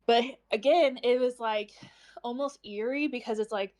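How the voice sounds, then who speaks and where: A young adult woman co-hosts a book club stream in an animated, casual chat, acting out characters' lines and saying "like" a lot. Her voice is fairly high and her pace moderate.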